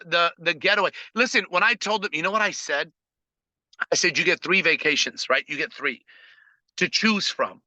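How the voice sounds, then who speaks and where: A middle-aged man with a bright, forceful voice pitched a little high, speaking over a video call with a dry, close sound. He tells his stories with energy and jumps into the quotes with excitement. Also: no room sound, highs cut off. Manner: energetic, animated storyteller acting out dialogue. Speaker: network marketing team trainer. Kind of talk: live team training call.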